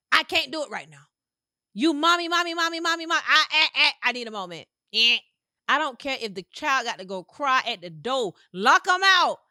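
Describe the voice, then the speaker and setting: A woman hosts her own podcast, talking in a punchy, repetitive, motivational way with loose slangy phrasing. Her voice sits high and bright. The recording is dry and close, with almost no room sound. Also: no echo. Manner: emphatic, repetitive, preachy. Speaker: podcast host. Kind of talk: motivational monologue.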